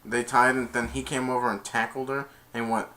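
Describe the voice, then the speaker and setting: A man's voice: mid-range voice, level tone, fairly quick, sharp tone. A young man in his twenties casually retelling a movie plot in a rambling, hesitant way, often correcting himself. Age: 20s. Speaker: amateur movie reviewer.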